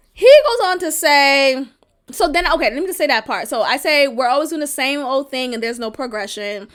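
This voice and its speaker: A woman's voice: high-pitched, fairly bright tone. A woman hosting a podcast, talking casually and bluntly about her own life, swearing freely and laughing often. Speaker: podcast host. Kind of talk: casual venting monologue.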